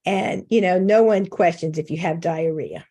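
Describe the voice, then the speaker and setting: A woman's voice: on the low side, normal speed, warm tone. A middle-aged woman giving an informal faith talk on a video call, candid and self-mocking, laughing often. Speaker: guest speaker.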